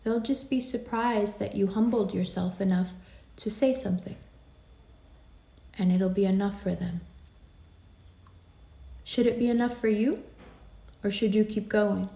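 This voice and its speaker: A woman giving a tarot card reading in an intimate, reassuring way. She laughs easily and sometimes drops into soft whispers. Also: medium pitch, a little slow, creaky, long pauses. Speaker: tarot reader.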